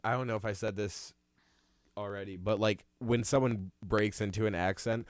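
A man's voice: fairly low pitch, steady tone, moderate pace, dry recording, clean studio sound. A man hosting a casual podcast chat, laughing along and asking questions.

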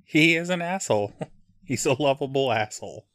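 Male podcast co-host, mid-pitched, dry close sound, teasing casual talk. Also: expressive, normal speed, a bit bright, dry recording. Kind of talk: casual chat.

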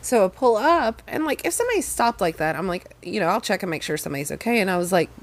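A young woman telling a story in casual chat, lively and swearing freely. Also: medium pitch, fast talker. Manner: animated, swears freely, acts out quotes. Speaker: podcast co-host.

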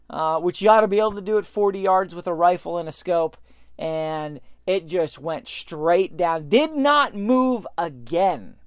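A man hosting a podcast, telling a story in an animated way that speeds up and slows down. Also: sits high, clear, resonant tone, no room sound, clean studio sound. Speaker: podcast host.

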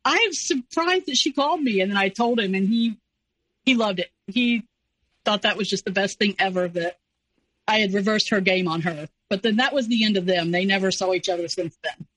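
A woman in her forties, an interview guest telling a personal story in a casual, animated way. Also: mid-range voice, fairly quick, no room sound, rough recording. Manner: animated, acts out quoted voices.

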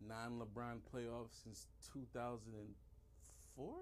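Relaxed man prompting the live chat. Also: medium pitch, slow pace, a little hiss or hum. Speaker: podcast co-host. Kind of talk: casual sports debate.

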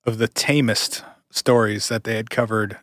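A man on a podcast retelling a missing-person case in a measured, casual way, with occasional laughs. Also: fairly low pitch, level tone, a bit bright, no echo, clean studio sound. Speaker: podcast co-host telling the stories.

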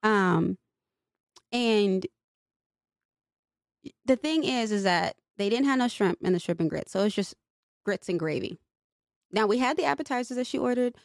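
A woman's voice: medium pitch, lively intonation, normal speed, gravelly, long pauses, dry recording, studio quality. A young woman co-hosting a podcast, venting in casual chat and swearing freely. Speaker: podcast co-host.

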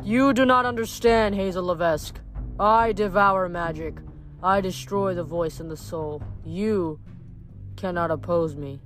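A woman voicing a menacing male giant in a storybook reading, speaking slowly and emphatically. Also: lowish voice, soft background music, natural voice. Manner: slow, drawn-out, emphatic delivery. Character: booming menacing male giant, cold and gloating.

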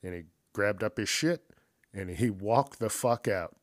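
A man's voice: fairly low pitch, measured pace, no room sound, clean studio sound. A man hosting a casual commentary show, retelling news stories in a heated, profane rant and acting out the people in them. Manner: heated, swears constantly, acts out quoted people.

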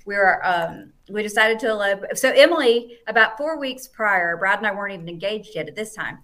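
A woman in an easygoing podcast chat, telling a story with a mid-range voice. She jumps into quoted voices and swings her pitch up and down as she goes. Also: fairly quick. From United States. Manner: animated, quotes people in lively voices. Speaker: podcast guest.

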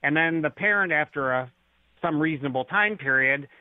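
A man's voice: on the high side, moderate pace, dry recording. A male author on a radio interview, explaining ideas through stories and acted-out lines. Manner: storytelling, acts out quoted lines. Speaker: author and guest. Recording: tinny phone line.

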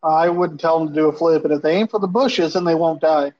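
Guy chiming in w dry teasing jokes, slightly high voice, muffled lo-fi mic. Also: a little fast, darkish tone. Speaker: podcast co-host. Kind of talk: casual chat. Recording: dull lo-fi mic.

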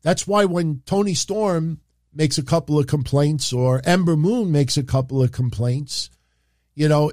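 A man's voice: on the high side, a little mellow, no room sound, clean studio sound. A man with a New York accent, rambling through opinionated wrestling talk on a livestream. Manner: rambling and opinionated, many filler phrases. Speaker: wrestling commentary streamer.

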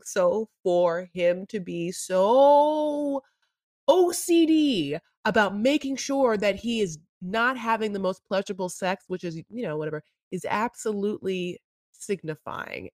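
A woman's voice: medium pitch, no echo. Sassy woman on a dry podcast mic. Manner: emphatic, sassy, drawn-out stresses. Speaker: podcast co-host. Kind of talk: casual chat recapping a reality show.

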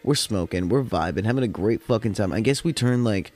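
A man's voice: fairly low pitch, expressive, fairly quick, darkish tone, soft background music. A man from the California desert hosting a podcast, telling stories in a loose, profane, rambling way, tired after work. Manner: rambling, profane, heavy use of "like". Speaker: podcast host. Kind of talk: casual storytelling chat.

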